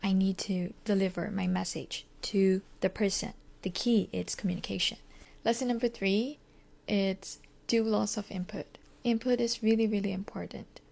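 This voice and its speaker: A young woman with a Korean accent hosts a casual solo podcast, speaking candidly and reflectively in a loose, conversational flow and often opening with "so." Her mid-range voice is steady in tone and creaky with a darkish quality, and she talks at a normal speed.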